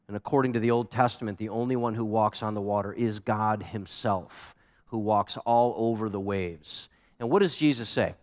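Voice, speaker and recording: A male pastor preaching a sermon, earnest and animated, repeating words for emphasis. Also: fairly low pitch, in a large hall. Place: church sanctuary.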